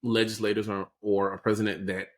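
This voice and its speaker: A man with a lowish voice and flat delivery talks fairly quickly as a podcast co-host. In this casual political chat, he explains current events in a relaxed way and keeps asking "right?"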